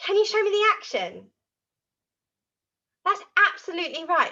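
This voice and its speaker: A woman teaching French words to young children in an animated, sing-song way, modeling each word for the children to repeat. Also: very high-pitched, moderate pace, pauses often. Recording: dull lo-fi audio.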